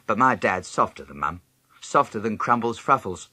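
Lively dry-sounding male storyteller. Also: normal speed, husky, no echo. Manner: lively storytelling, jumping high in pitch for other characters' lines. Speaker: audiobook narrator. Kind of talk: scripted first-person narration of a children's novel.

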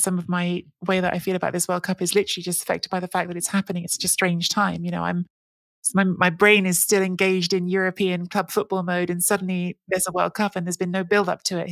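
A woman co-hosting a podcast, talking in a loose, rambling way and often restarting her sentences. Her fairly low voice has a gravelly edge, and the sound is dry and close with no room around it. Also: dry recording. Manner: rambling, with frequent restarts and fillers. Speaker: podcast co-host. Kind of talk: casual podcast chat.

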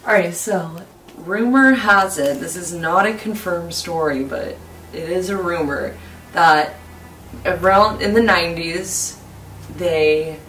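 A woman vlogger telling a rumored ghost story in an old house at night, in casual, excited chat. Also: lowish voice, slow, slight background noise. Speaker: paranormal vlogger. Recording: roomy sound from a distance.

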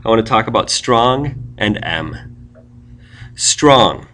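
A man's voice: lowish voice, big pitch swings, slow, sharp tone, a little hiss or hum. A man giving a screencast tutorial on web pages, explaining step by step and thinking aloud as he types.

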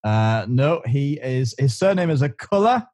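A man co-hosting a podcast, giving quiz clues in a halting way with many fillers. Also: medium pitch, expressive, darkish tone, dry recording. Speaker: podcast co-host.

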